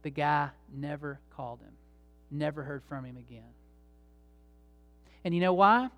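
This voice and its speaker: A man's voice: fairly high pitch, measured pace, a bit bright, faint music behind. A man preaching a sermon as pastor, in a conversational, folksy way with many fillers and restarts.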